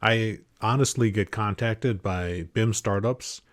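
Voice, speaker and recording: A man's voice: lowish voice, slow. A man hosting a podcast, chatting with a guest in an upbeat, encouraging way. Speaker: podcast host. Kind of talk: casual interview chat.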